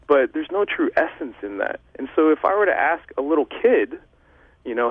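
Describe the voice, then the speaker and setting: A man's voice: on the high side, lively intonation, moderate pace, no echo. A young man speaking as a guest, sharing an earnest, emotional faith testimony with plenty of fillers. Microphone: phone. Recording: tinny phone line.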